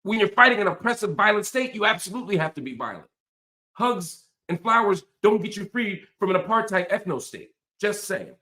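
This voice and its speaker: A man's voice: high-pitched, lively intonation, fairly quick, sharp tone, reverberant. A man hosting a show, delivering an impassioned, emphatic political commentary monologue. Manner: impassioned, emphatic, repetitive rhetorical. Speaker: host.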